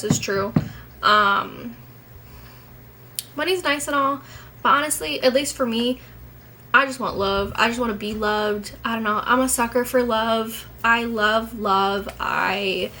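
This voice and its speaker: A woman's voice: fairly high pitch, pushed and bright, slight background noise, poor audio. A young woman chatting casually to her camera at home as a vlogger, rambling and candid, swearing now and then.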